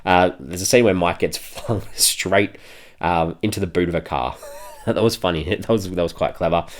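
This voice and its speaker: A man's voice: low-pitched, moderate pace, slight background noise. A tired man hosting a film review podcast in a casual, rambling way, chuckling often between thoughts. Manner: rambling, chuckles often, many fillers and restarts.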